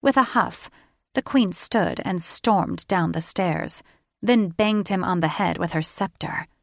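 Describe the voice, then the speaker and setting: A woman narrates a fantasy novel at a slow, deliberate pace. Her storytelling is measured and even. The voice sits close and dry, with no room sound around it. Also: fairly low pitch, creaky, no room sound. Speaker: audiobook narrator. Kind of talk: scripted audiobook narration.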